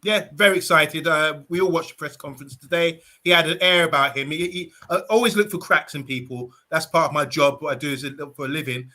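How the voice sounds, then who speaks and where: Bright-voiced man hosting. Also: fairly high pitch, fast talker, hardly any pauses. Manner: chatty, promotional, with fillers. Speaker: show host. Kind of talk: casual panel chat.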